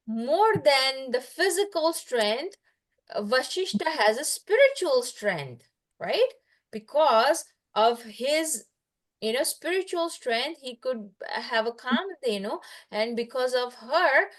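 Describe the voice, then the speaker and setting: A woman casually telling a story to a child over a video call, chatty and full of fillers, stopping to quiz her listener. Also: high voice.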